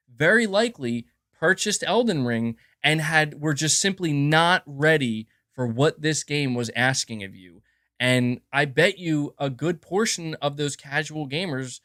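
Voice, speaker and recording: A man live-streaming from home, his fairly high voice rambling on with real emphasis and tripping over restarts as he builds his argument. His desk mic gives a dry, close sound with no room echo. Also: a bit bright. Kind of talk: casual livestream monologue. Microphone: desk mic with adjustable gain.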